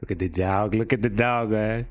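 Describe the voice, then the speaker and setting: A man's voice: fairly low pitch, fairly even intonation, moderate pace. A man streaming a game, joking casually and reading the characters' lines aloud in playful put-on voices.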